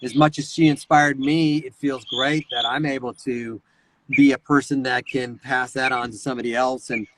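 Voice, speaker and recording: Animated male voice actor guest. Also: mid-range voice, normal speed, dry recording, rough recording. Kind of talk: casual interview chat.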